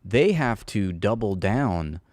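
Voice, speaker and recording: A man's voice: fairly low pitch, sing-song, slow pace, darkish tone, no room sound, clean studio sound. A man hosting a casual political commentary show, talking in a sarcastic, mocking way and sometimes laughing at his own jokes.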